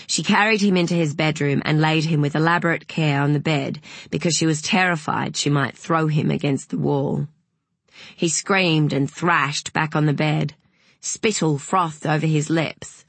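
A woman narrating an audiobook in a measured, unhurried way, with a breathy voice. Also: deep voice, no echo.

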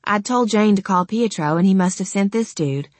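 A woman's voice: mid-range voice, moderate pace, a little mellow, no room sound. A woman narrating an audiobook in the first person, in a wry, conversational and casually profane manner.

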